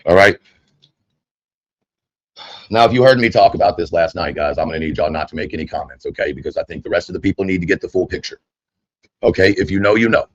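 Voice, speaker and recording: A man's voice: deep voice, fast talker, pauses often, no echo, muffled recording. A man streaming online, chatting at length to his viewers in a rambling, casual way. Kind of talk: casual livestream monologue.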